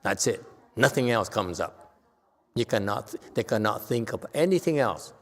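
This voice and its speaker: A man's voice: lowish voice, moderate pace. A man, a Buddhist meditation teacher, giving a Dharma talk to a class, earnest and growing emphatic. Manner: earnest, grows emphatic and animated, with laughs. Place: temple hall. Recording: long reverb of a hall.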